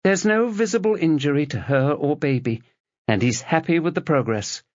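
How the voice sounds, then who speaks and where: A man voicing a brisk, formal female hospital nurse, in a dull lo-fi recording. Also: a little high, animated, no room sound, voice pushed up, close to an everyday voice.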